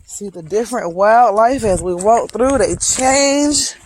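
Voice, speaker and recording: A hiking vlogger, speaking slowly and reflectively, encouraging viewers while out on a wooded trail near waterfalls. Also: mid-range voice, slight background noise, poor audio. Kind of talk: motivational outdoor vlog.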